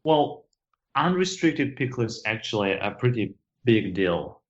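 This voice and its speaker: Man, Russian accent, low voice, halting restarts, dry humor, muffled lo-fi recording. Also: sing-song. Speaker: product manager guest. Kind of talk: casual podcast chat.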